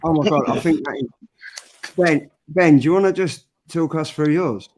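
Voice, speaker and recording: A man's voice: on the high side, moderate pace, a little mellow. A man hosting a casual group video call, laughing and joking as he runs a drawing game and hands out points. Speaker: host.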